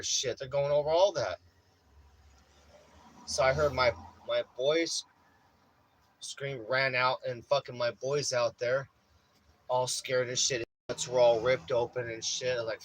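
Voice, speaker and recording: A man's voice: medium pitch, unhurried, a little hiss or hum, poor audio. A young man casually telling a rambling story full of swearing, often saying bro. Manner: profane, rambling, says bro a lot. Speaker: vlogger.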